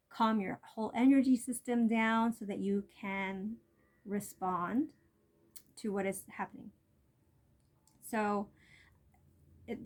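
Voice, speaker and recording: A woman in an easygoing vlog, teaching simple energy techniques. She talks casually and wanders a little, stacking up fillers as she goes. Her voice sits at an ordinary middle pitch. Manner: chatty, rambling, lots of "like" and "um". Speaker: energy medicine channel host.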